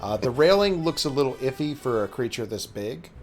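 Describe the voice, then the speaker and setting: A man's voice: mid-range voice, lively intonation, fairly quick, faint music behind. A man running a tabletop game as game master, narrating with a wry touch. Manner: descriptive, wry.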